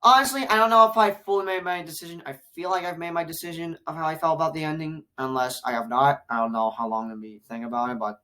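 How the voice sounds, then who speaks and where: A woman with a notably low-pitched voice talks through a film review in a loose, casual way. She rambles and circles back to the same points over and over. Her level keeps jumping between loud excited outbursts and quiet, low mutters. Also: quick pace, few pauses.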